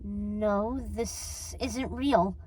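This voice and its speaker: A woman's voice: mid-range voice, extremely slow, darkish tone, breathy edge, recorded from a distance. A woman voicing a frightened male youngster who gasps and hisses his words in a storybook read-aloud. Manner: gasping, hissed, fearful.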